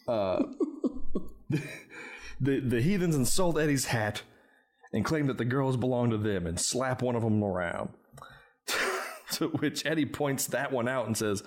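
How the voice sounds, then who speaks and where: A man's voice: medium pitch, expressive, slow pace, pauses often. A man hosting a podcast, casually recapping a movie's plot step by step, with plenty of filler words. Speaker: podcast host.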